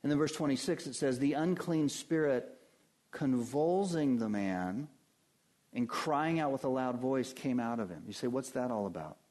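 At normal speed, a man preaches an emphatic sermon aimed straight at his congregation, his voice ranging from soft and low to loud and high.

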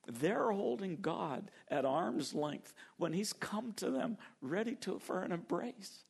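Lively, unhurried male preacher. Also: sits high, vocal fry, slightly rough. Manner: animated, acting out quoted voices. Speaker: pastor. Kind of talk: sermon.

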